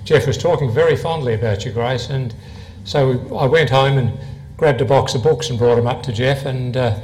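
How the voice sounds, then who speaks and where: A man's voice: mid-range voice, a little fast, darkish tone, poor audio. A man interviewing a poet on stage before an audience, talking in a conversational, meandering way. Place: live event before an audience.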